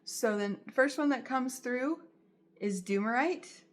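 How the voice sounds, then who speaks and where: A woman's voice: high voice, lively intonation, a little slow. A woman gives a tarot reading directly to her viewers in a soothing, reassuring voice. She takes her time over every phrase and often repeats herself as she goes. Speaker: tarot reader.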